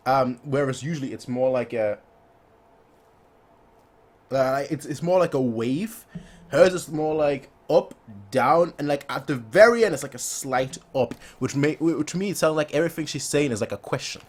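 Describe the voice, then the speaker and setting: A man's voice: mid-range voice, moderate pace. Hesitant man giving casual commentary. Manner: hesitant, stammering restarts. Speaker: reaction video host.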